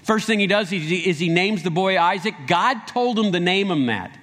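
A pastor preaching with a fairly high, bright voice that carries through a big hall with a long echo. He tells the story with animation, slipping into the voices of the people in it. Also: expressive, moderate pace. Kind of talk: sermon.

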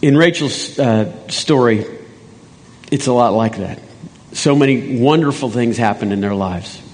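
A man's voice: mid-range voice, unhurried, a little mellow. A man preaching as a pastor, reading scripture aloud and bringing others up to tell their stories. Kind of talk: sermon with testimony interview. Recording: long reverb of a church hall.

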